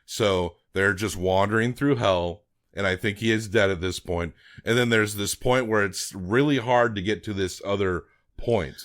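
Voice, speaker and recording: A man with a fairly low voice co-hosts a film podcast. He recaps the plot in loose, casual chat. He rambles, restarts his sentences and swears without a second thought. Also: moderate pace, a bit bright.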